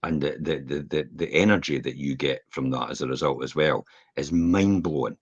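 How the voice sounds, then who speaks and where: A man co-hosting a casual podcast chat, talking in an emphatic, animated coaching manner. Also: extremely low pitch, normal speed, husky, dry recording, highs cut off. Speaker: co-host.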